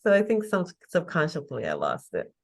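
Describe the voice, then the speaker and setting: A woman in her fifties from England talks in a low, full voice. She is a chatty guest who tells stories and laughs easily. Her tone is relaxed and conversational. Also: normal speed. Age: 50s. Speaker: guest, faith coach. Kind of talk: casual interview chat.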